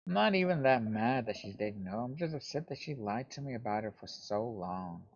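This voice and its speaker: A man's voice: mid-range voice, expressive, fairly quick, background noise, lightly acted. Teen girl, upset and gossipy, rambling rant, put on by a man, muffled lo-fi recording. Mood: hurt. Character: upset teenage girl venting to her dad.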